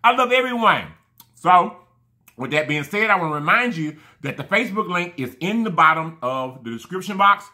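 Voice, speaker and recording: The mukbang vlogger's voice is a little high and sharp, expressive but moderately paced. Eating as he talks to the camera, he rambles in a casual, effusive way and keeps thanking his viewers.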